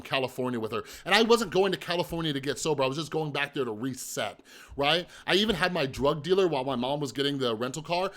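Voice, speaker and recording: A man in his thirties telling his own story on a vlog, blunt and profane, with emphatic repetition and rhetorical asides to the listener. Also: on the high side. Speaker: mental health vlogger. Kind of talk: candid personal storytelling.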